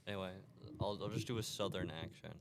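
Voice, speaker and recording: A man's voice: on the low side, quick pace, a little hiss or hum. A young man co-hosting a casual podcast, dry and patient as he corrects his friend. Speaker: podcast co-host. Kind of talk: casual chat.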